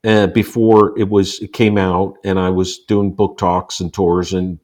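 A man in his sixties from the United States, a guest telling personal stories in a relaxed interview and acting out the quotes. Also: measured pace. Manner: animated storyteller, acts out quotes with rising pitch. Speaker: guest, author. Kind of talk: storytelling in a casual interview.

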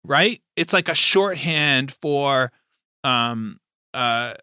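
A man's voice: medium pitch, expressive, very slow, pushed and bright, clean tone, no echo, studio quality. A man who runs tabletop games, chatting casually and rambling with lots of fillers. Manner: rambling, many fillers and restarts. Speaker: game master and podcast host. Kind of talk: casual chat.

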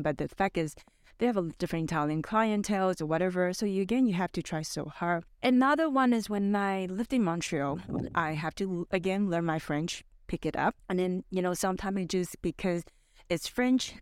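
A woman guest on a podcast telling personal stories in a chatty way, full of "you know" and quick laughs. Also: on the low side, a little mellow, smooth, no room sound, clean studio sound. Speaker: podcast guest, business founder.

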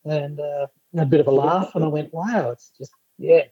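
A male podcast guest tells lively stories in a husky, warm voice. The sound is a dull, lo-fi remote line, dry with no room echo. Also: a little high, normal speed. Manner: lively anecdotal storyteller. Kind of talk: casual chat.

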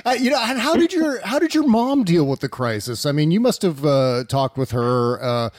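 A man hosting an interview, talking casually and often pausing on "uh". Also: fairly high pitch, very animated, crowd noise. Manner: casual, hesitant with many "uh" fillers. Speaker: podcast host.

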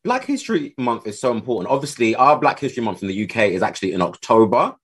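British guy, husky, bouncy expressive voice, chatty co-host. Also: medium pitch, fast. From United Kingdom. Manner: upbeat, expressive. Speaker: TV and radio host, guest co-host. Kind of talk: casual chat.

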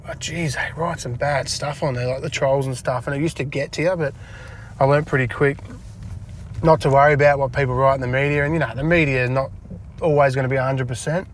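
A man's voice: medium pitch, fairly even intonation, brisk, a little hiss or hum. A man in his forties with an Australian accent, talking casually and self-deprecatingly as an interview guest, with lots of fillers. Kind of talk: casual chat. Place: inside a parked car.

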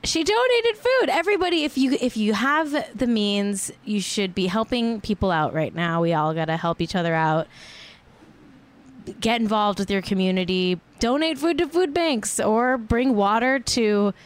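A young American woman co-hosting a casual celebrity gossip chat, playful, jumping into squealy highs and swearing freely. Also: lively intonation, moderate pace. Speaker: podcast co-host.

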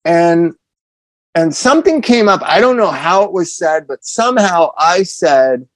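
A man telling a story in a casual interview, animated and profane, laughing often as he goes. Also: on the high side, measured pace, no echo. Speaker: addiction counselor guest.

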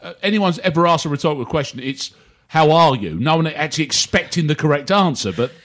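A man's voice: a little high, expressive, quick pace, a bit bright. A man hosting a casual football chat, rambling and jokey with many restarts. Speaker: podcast host.

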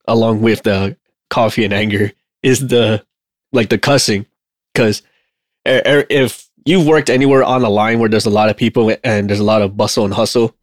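A man's voice: lowish voice, dry recording. Loose rambling man, dry sound. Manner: rambling, loose, filler-heavy. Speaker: podcast co-host. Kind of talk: casual chat.

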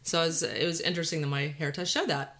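A woman podcast host with a Texan drawl under a Valley Girl lilt. Her voice is bright, sitting a little low for a woman. She chats casually, pokes fun at herself and laughs often. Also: fairly even intonation, quick pace. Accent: Texan drawl mixed with Californian Valley Girl. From Texas. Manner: chatty and self-deprecating, laughs often.

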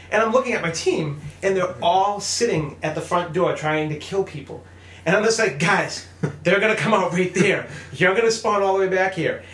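A young man telling gaming stories with a lot of life. He acts out every quote, laughs often and swears freely, and his voice sits a little high for a man. The room has a noticeable echo. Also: slight background noise. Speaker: podcast co-host. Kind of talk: casual gaming chat.

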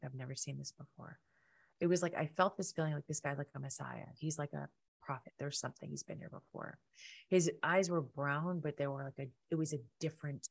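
A middle-aged woman hosting a podcast, telling a personal story in an animated way and acting out the lines of people in it. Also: gravelly, slightly rough. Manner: animated, acts out quotes with big pitch jumps. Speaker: podcast host.

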